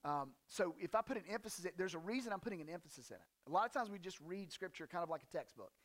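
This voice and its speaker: High-voiced joking casual preacher man. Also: fast. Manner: folksy and joking, with slang asides; animated emphasis when reading scripture. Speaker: pastor. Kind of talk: casual conversational sermon.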